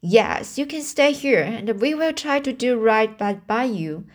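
A stern, plain-spoken older spinster speaking firmly and slowly, read by a woman in near her own voice. Her words come measured and unhurried, with occasional restarts of an amateur audiobook. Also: a little high, lively intonation.

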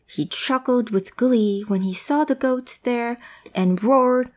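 Reading a storybook slowly to a child, a woman speaks in a fairly high yet darkish voice. She's playful and inquisitive with the child, shifting from one language to another.

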